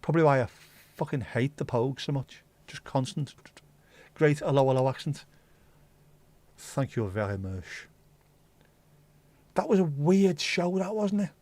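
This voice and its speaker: A man hosting a casual livestream chat, rambling and ranting with plenty of swearing and answering viewers' comments out loud. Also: on the high side, lively intonation, measured pace, long pauses, no echo. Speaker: livestream host. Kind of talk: casual chat with a live audience.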